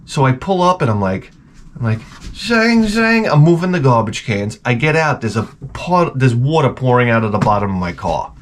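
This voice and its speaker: A man's voice: mid-range voice, lively intonation, fairly quick, a little hiss or hum. A hungover man vlogging in a rambling, profane comedic monologue. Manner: rambling, profane, crude humor.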